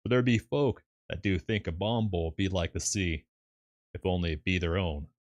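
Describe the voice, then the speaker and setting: A man's voice: sits low, normal speed, muffled recording, lightly acted. A man voicing a garrulous old seaside sailor who grumbles in a thick rustic dialect. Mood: ranting. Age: older.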